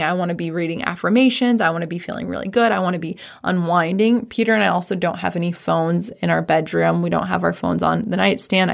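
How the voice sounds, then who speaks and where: A woman's voice: on the low side, vocal fry. A woman speaking as a business coach in a casual, upbeat talk from her home office, chatty and full of "like".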